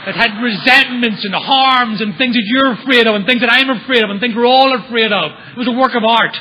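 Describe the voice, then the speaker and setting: A man's voice: very high voice, brisk, hardly any pauses, slight background noise, poor audio. A man speaking at a recovery meeting, telling his story with humor and acting out the voices of people in it. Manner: animated storyteller acting out quotes.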